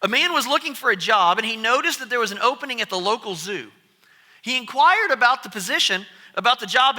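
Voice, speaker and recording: A man preaching a sermon as pastor, telling stories in an animated way. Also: very high-pitched. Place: church sanctuary. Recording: long church reverb.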